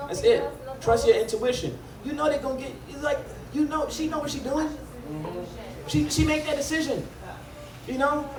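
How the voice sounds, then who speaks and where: A man doing stand-up comedy, telling a rambling, repetitive, confessional story on a small club stage. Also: very high-pitched. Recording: echoey room from far off.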